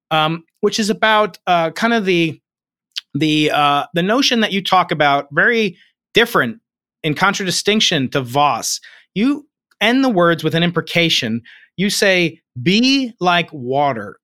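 A man hosting a video interview, talking in a quick, jokey way with frequent restarts. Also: fairly high pitch, very animated, pushed and bright, no room sound, clean studio sound. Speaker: host and interviewer.

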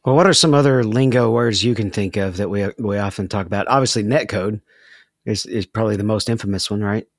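A man's voice: lowish voice, fairly quick, no room sound, studio quality. A man co-hosting a podcast in casual chat, upbeat and keeping the show moving. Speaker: podcast co-host.

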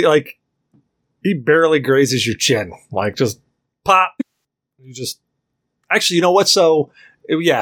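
Young male game master, mid-pitched, loose rambling narration. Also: fairly bright tone. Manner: rambling, filler-heavy, laughs often.

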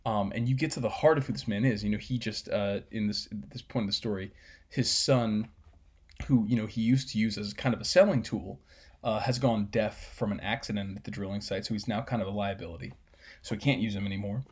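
A man's voice: lowish voice, brisk, husky. A man casually breaking down a film scene, rambling with fillers and swearing.

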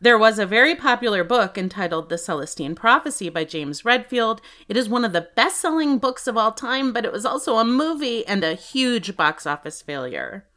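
A woman co-hosting a podcast in casual chat, reading facts off in a plain, steady list. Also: fairly high pitch, moderate pace, few pauses. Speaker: podcast co-host.

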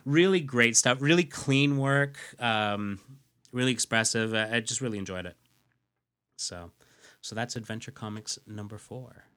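A man co-hosting a casual comics podcast, rambling and halting as he talks, laughing easily. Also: medium pitch, fairly bright tone, smooth. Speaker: podcast co-host. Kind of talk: casual chat about comics.

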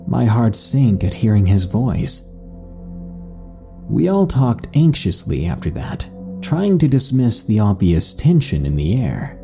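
A man narrating a listener's horror story in a measured, suspenseful first-person read for a podcast. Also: mid-range voice, very animated, creaky, dark tone. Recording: faint music bed under voice.

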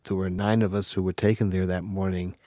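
Very deep, flat-voiced older man. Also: brisk, no echo. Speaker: interviewee. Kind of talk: conversational recollection.

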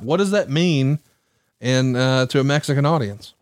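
A man's voice: mid-range voice, brisk, no room sound. Guy hosting a podcast, reads stuff out then jokes around, dry close mic. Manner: reads excerpts aloud, then banters and laughs. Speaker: podcast host. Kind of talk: casual interview chat.

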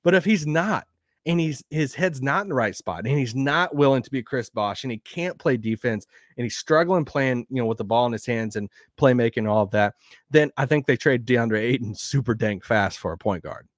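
A man with a Southern accent hosting a sports podcast, rambling and animated, laughing now and then. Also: medium pitch, moderate pace, dry recording, studio quality. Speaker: podcast host. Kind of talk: casual sports talk.

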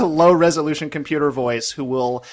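A man's voice: a little high, normal speed. Guy hosting a quiz on a podcast, laid back, laughs a lot. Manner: laughs easily, upbeat. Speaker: podcast host running a quiz. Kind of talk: casual chat.

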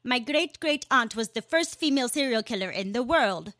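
A woman voicing her sweet, light-voiced young friend in a higher, matter-of-fact tone. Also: animated, normal speed, a bit bright, no echo, studio quality.

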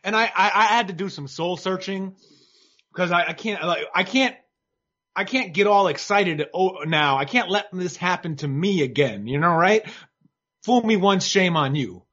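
A man with a fairly high voice rambles through casual podcast chat, cracking wry jokes as he goes. The recording sounds dull and slightly lo-fi. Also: normal speed, bright, forceful tone. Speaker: boxing podcast co-host.

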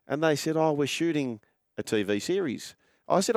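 A man's voice: on the high side, expressive, moderate pace, dry recording, clean studio sound. A male radio host, chatting casually and telling anecdotes full of football talk.

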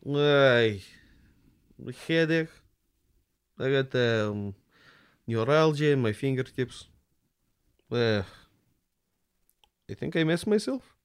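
A man's voice: medium pitch, lively intonation, takes it slowly, long pauses, smooth. A man voicing a groggy, grumbling male doctor character in a tabletop game.

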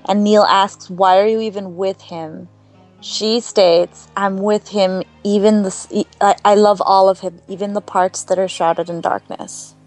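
A woman co-hosting a podcast, giving her take in animated, opinionated casual chat and quoting characters' lines. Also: mid-range voice, unhurried, faint music behind. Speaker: podcast co-host.

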